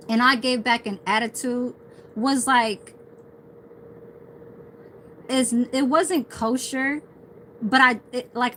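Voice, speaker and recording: Rambling, profane woman streamer with a slightly high voice, faint room ambience. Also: a bit bright, a little hiss or hum, poor audio. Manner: heavy swearing, rambling storytelling. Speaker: livestreamer. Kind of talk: casual livestream rant.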